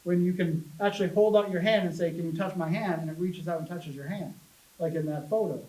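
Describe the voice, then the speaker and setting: A man giving a casual public talk about ghost hunting as a chatty, animated storyteller who jokes with his audience. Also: high-pitched, fairly quick. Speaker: paranormal investigator giving a talk. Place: public library meeting room. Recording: echoey room, voice from a distance.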